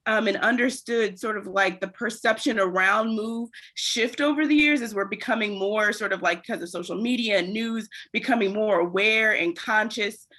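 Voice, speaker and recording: Bright-voiced woman host, thoughtful. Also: mid-range voice, moderate pace, few pauses. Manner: thoughtful, many fillers and hedges. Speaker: podcast host. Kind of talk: casual conversational interview.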